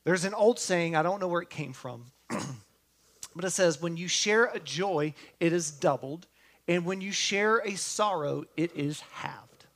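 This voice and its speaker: A male pastor with a high voice delivers a sermon, speaking slowly and deliberately. He addresses his congregation directly with questions. He falls quiet and gentle on tender lines, then rises again on words of hope. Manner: earnest, drops to a hush on tender lines and rises on points of hope; talks straight to the congregation with questions.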